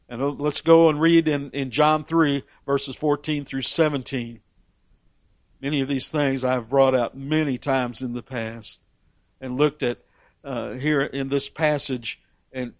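A man's voice: on the high side, no echo. A man preaching a sermon with emphatic rises on key phrases and frequent repeated words as he restarts. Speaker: pastor.

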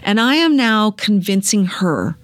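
A middle-aged woman, a former news director, telling lively stories in an interview and acting out the dialogue. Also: medium pitch, measured pace. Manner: lively storyteller who acts out quoted dialogue; emphatic, repeats phrases for effect. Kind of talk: conversational interview storytelling.

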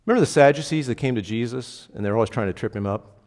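Pastor in a reverberant hall. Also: male voice, medium pitch, fast talker, a little mellow. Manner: casual, asks the congregation questions, emphatic bursts. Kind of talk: conversational sermon.

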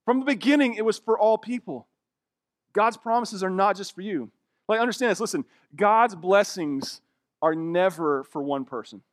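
A man's voice: high voice, moderate pace, no echo, studio quality. A young man preaching a sermon as pastor, earnest and emphatic, often asking the listeners direct questions.

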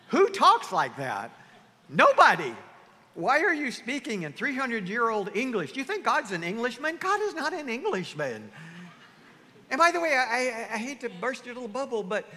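A pastor preaches in a lively, animated way, acting out the voices of churchgoers. His voice is high and bright, and it rings with a long hall reverb. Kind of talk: sermon.

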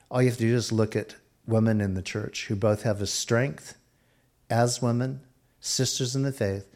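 Man, pastor, sermon, lowish voice, expressive preaching. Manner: expressive preaching, varies pace, speaks quoted lines softly.

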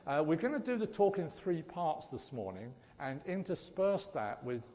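A man's voice: fairly high pitch, darkish tone, in a large hall. A man giving a chatty, joking church talk and addressing the congregation directly as lay preacher. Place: church hall.

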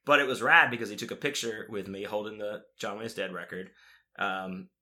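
A man's voice: fairly low pitch, steady tone, moderate pace, sharp tone. A man telling stories in casual chat, rambling and profane, with lots of fillers and restarts.

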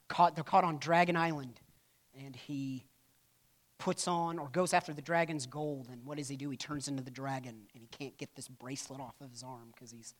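A church history teacher talks casually to a class, drifting into side stories and acting out the quotes. The tone stays chatty, with teasing asides, and the pitch sits in a middle range. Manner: retells stories with acted-out quotes.

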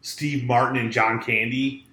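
A man's voice: mid-range voice, level tone, unhurried, sharp tone. A man co-hosting a podcast, telling stories in laid-back, profane casual chat. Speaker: podcast co-host. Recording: echoey room.

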